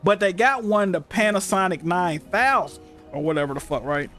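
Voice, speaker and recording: Animated young man, high lively voice. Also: moderate pace, faint music behind. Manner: animated, profane storytelling with frequent laughs. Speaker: streamer. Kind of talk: casual stream chat. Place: home room.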